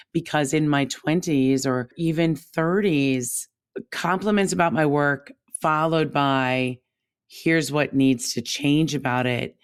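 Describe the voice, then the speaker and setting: Low-voiced woman co-hosting a chat. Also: clear, resonant tone. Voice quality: calls her own voice squeaky. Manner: reflective, animated, jumps in pitch when emphatic. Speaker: podcast co-host. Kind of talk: casual chat.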